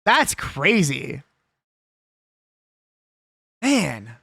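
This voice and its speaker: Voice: mid-range voice, big pitch swings, extremely slow, creaky, a bit bright, slightly rough, no room sound, clean studio sound. A young adult live streamer chatting casually and with strong opinions while reading a list aloud.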